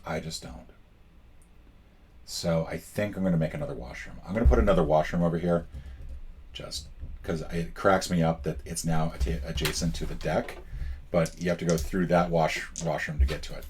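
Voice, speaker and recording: A man's voice: deep voice, steady tone, moderate pace, darkish tone, a little hiss or hum. A man playing a solo board game and commenting as he goes, wry and self-mocking, thinking aloud and counting out spaces. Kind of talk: casual playthrough commentary.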